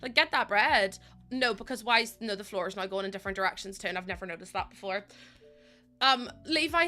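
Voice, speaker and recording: Bubbly bright-voiced young woman streamer. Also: high-pitched. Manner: bubbly and chatty, laughs often, talks to chat. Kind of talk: live-stream chat while playing a building game.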